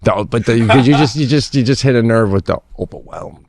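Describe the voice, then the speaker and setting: A man's voice: mid-range voice, a little fast, creaky, heavy background noise. A middle-aged man co-hosting a podcast, telling stories in casual chat with frequent laughter. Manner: laughing, animated storytelling. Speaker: podcast co-host.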